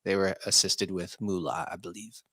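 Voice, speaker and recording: A man's voice: low voice, steady tone, moderate pace, pushed and bright, dry recording. A man guest on a casual podcast, laid-back and loose, filling his talk with "like". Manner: laid-back, lots of "like" fillers. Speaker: guest, filmmaker.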